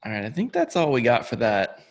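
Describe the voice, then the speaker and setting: A man's voice: medium pitch, wildly swooping pitch, a little fast. A man hosting a podcast, steering the talk and introducing segments in casual chat. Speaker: host.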